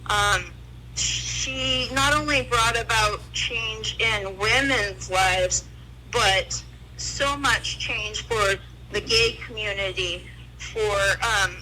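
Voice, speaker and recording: A woman's voice: a little high, sharp tone, slight background noise, poor audio. A woman in grief, speaking bluntly and from the heart as a guest on a casual podcast chat, with swearing. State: grieving. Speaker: guest on the line.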